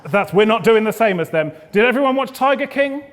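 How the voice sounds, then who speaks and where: A jokey man working the crowd as host of a live awards evening, with a notably high voice. His loud, playful patter rings out with a long echo through a big indoor hall. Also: lively intonation, brisk. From England. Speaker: awards host, stand-up comedian. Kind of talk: stand-up crowd work hosting live event. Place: event venue hall, indoors. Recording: echoey hall with long reverb.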